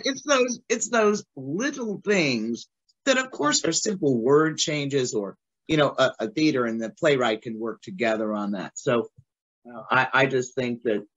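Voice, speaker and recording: A woman's voice: extremely low pitch, dull audio. A woman, a playwright chatting in an interview and telling stories with a laugh. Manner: animated storytelling with frequent laughs. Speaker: playwright guest. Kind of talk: casual interview chat.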